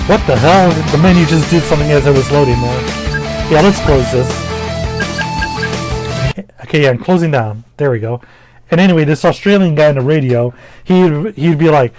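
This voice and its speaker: A man's voice: fairly high pitch, moderate pace, long pauses, over music. A man giving casual, rambling gameplay commentary, full of fillers, restarts and the odd swear word. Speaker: gaming commentator.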